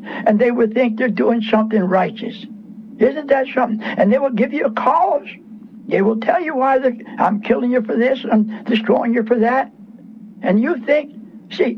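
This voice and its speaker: High pitched preacher guy on the radio, fired up and scolding, keeps repeating himself, muffled with a little hiss. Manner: fervent, scolding, repeats phrases for emphasis. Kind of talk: radio sermon.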